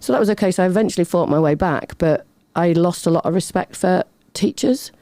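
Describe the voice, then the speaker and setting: A middle-aged woman talks freely as a guest, piling one story onto the next in a chatty, rambling way. Her voice is mellow and dark rather than bright. The recording is dry and close, with no room echo. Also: on the low side, expressive, fairly quick. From Britain. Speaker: podcast guest. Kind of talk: casual interview chat.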